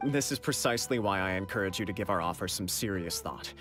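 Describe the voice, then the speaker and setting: A formal persuasive official. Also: male voice, low-pitched, lively intonation, fast talker, a bit bright, soft background music.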